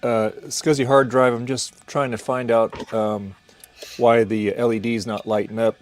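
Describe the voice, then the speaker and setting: A man's voice: medium pitch, flat delivery, measured pace. A man hosting a live stream, explaining step by step what he is doing while repairing a hard drive. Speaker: host. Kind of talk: casual live-stream chat.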